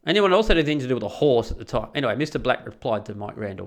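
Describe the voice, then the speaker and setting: A man's voice: medium pitch, sing-song, racing, hardly any pauses. A man delivering a crude, combative monologue full of rhetorical questions. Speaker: commentator. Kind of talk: ranting monologue.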